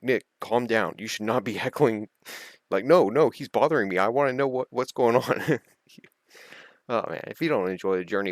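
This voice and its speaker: A man's voice: sits low, a bit bright, dry recording, studio quality. A young man talking in a rambling, casual monologue, laughing often and drifting between topics. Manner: laughs often, digresses, chatty and earnest. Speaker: video creator.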